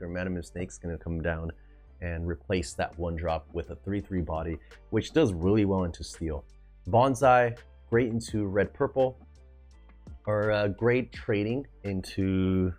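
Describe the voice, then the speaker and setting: Hosting a casual card game video, a deep-voiced man reviews a deck with plenty of excited hype, frequently breaking off mid-sentence to start again.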